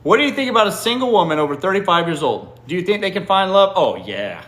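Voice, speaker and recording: During a live stream in an indoor room, a man answers viewer comments with blunt, teasing advice, swearing freely and often asking "what?" in disbelief. His voice sits high and sounds very animated and a bit bright, moving at a quick pace with a roomy quality.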